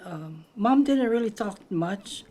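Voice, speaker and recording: This granddaughter, an older woman from Hawaii, speaks slowly in a dark, mid-range voice with lively intonation. Her Hawaiian Pidgin-tinged English carries rambling recollections of her grandparents, and she often gropes for the right word.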